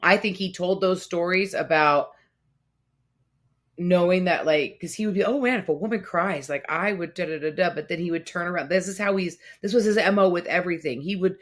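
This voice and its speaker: A woman with a lowish voice talks through a casual podcast conversation. She tells her stories in an animated way and often jumps up in pitch to act out what others said. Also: brisk. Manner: animated storytelling, acts out quotes in raised voice. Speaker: podcast co-host.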